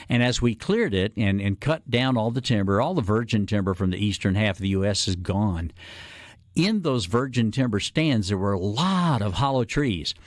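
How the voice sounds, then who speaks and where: A man hosting a call-in radio show, explaining things in an unhurried way with frequent "uh" fillers. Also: lowish voice, no echo, studio quality. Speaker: radio guest host. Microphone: studio microphone.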